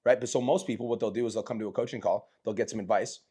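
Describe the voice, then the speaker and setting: A man with a husky, fairly low voice, rattling his words off at a fast clip. His podcast talk is profane and heated. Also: steady tone, warm tone. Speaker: podcast host.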